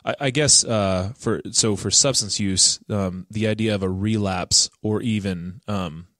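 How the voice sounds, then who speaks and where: Casting note: easygoing male social worker host, lowish voice, dry close sound. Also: unhurried, fairly bright tone, no echo. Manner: joking, laughs often, says dude. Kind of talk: casual chat.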